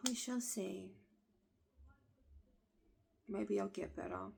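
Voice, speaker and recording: A woman in her thirties with a husky voice, bluntly venting her frustration to the camera and swearing along the way. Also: mid-range voice, expressive, drawn-out words, a little hiss or hum. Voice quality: husky smoker-like voice. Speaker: vlogger.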